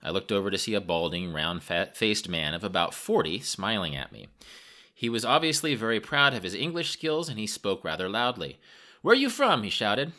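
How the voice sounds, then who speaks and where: Low-voiced guy reading his travel memoir, dry jokey tone, bouncy delivery. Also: expressive, moderate pace, bright, forceful tone. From United States. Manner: wry, self-mocking storytelling. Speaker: narrator. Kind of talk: scripted travel-memoir narration.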